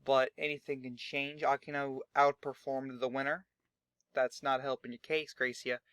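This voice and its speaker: A man's voice: medium pitch, level tone, normal speed, fairly bright tone, clean tone, no echo, studio quality. A young man hosting a gaming channel, talking through his game in a rambling, chatty way and swearing freely. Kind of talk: casual let's-play commentary.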